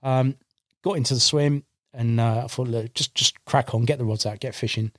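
Man, casual storyteller, mid-pitched voice, dry close studio sound. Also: moderate pace, no room sound. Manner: animated anecdote-telling, acts out his own past lines. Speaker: podcast guest, carp angler. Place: podcast studio. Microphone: studio microphone.

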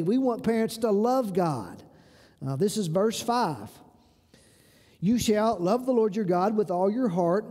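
High-voiced man preaching in a reverberant church. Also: dark tone. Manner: earnest preaching with rhetorical questions and repeated "listen". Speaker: pastor. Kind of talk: sermon. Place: church sanctuary.

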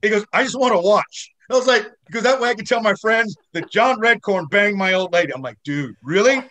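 A man with a slightly raised pitch talks loosely and at length as a guest, circling back on himself with restarts and curse words. He is still shaken after a head injury, and it shows in the way his sentences wander before they land. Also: brisk, pushed and bright. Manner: rambling, many restarts, swears freely. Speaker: actor guest. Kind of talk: casual interview chat.

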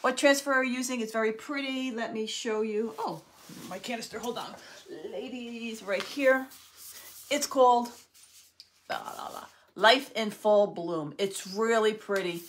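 A woman's voice: a little high, a little slow, a little hiss or hum. A woman hosting a live crafting demonstration, chatting casually with viewers while she works. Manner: chatty, friendly, talks while working. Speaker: craft channel host.

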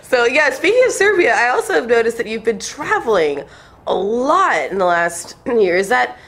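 A woman's voice: on the high side, very animated, moderate pace, a bit bright. A woman hosting a podcast in casual interview chat, laughing often and chiming in with encouraging remarks. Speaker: podcast host.

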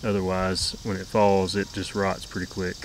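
A man's voice: low voice, completely flat delivery, normal speed, a little hiss or hum, poor audio. A young man in casual chat about his homestead, easygoing and plainspoken, often trailing off. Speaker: homestead vlogger, co-host. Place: outdoors at a garden.

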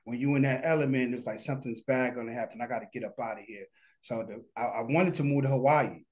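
Middle-aged man, guest on an interview show, easygoing and rambling, mid-pitched voice. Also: fast talker. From New Jersey. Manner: relaxed, rambling, many fillers. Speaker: guest, animation studio founder. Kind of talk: casual interview talk.

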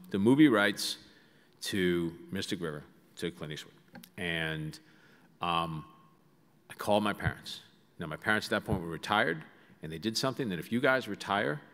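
A man with a fairly low voice spins comic stories for a live audience, chatty and animated, full of asides and fillers. His voice rings out with the long reverb of a big auditorium. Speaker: guest speaker. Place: large auditorium. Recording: reverberant hall sound.

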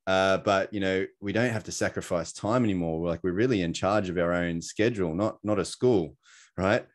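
Australian man, lowish voice, casual webinar presenter, filler-heavy and self-mocking. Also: moderate pace. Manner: chatty, many fillers, laughs at himself. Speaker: presenter sharing his story. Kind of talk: casual presentation on a video call.

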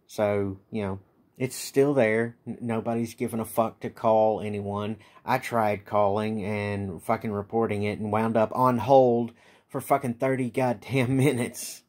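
Man, vlogger, late-night rant; slow, halting delivery, bitter and profane. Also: lowish voice, flat delivery, a little mellow. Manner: bitter, profane and resentful, with many halting restarts. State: tired. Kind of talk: late-night venting monologue.

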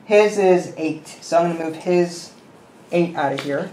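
A man hosting a board game session, explaining the rules and counting pieces out loud as he plays. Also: a little high, a little slow. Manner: thinks aloud, counting pieces and muttering rules. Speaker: host. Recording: roomy room with faint noise.

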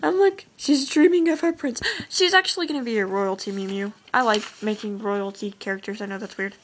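A woman's voice: mid-range voice, brisk, rough recording. A teenage girl chatting casually as she shows her own drawings, gushing and rambling with lots of "like" and "oh my gosh". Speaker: vlogger showing her drawings. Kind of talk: casual chat.

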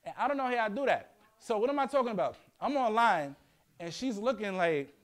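A young man from Yonkers with a New York accent, telling playful, slangy stories as a guest speaker to high school students. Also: fairly quick. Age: young adult. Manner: animated, slangy, playful storytelling. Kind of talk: storytelling talk to students. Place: school classroom.

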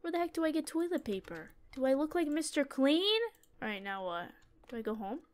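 A woman's voice: high-pitched, very animated, fairly quick, a little hiss or hum. A young woman playing a horror game on her channel, talking to herself in a jittery, panicky way. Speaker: gaming YouTuber. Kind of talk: horror game let's play commentary.

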